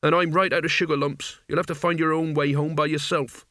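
Man doing a tired young hero, muttering, fairly high voice, dry close sound. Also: flat delivery, fairly quick, fairly bright tone, no echo, lightly acted. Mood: weary. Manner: weary, muttering, then fierce.

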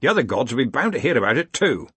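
A man's voice: mid-range voice, sing-song, racing, pushed and bright, husky, no echo, exaggerated voice. A man voicing a bluff, commanding older head wizard in an audiobook. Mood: hearty.

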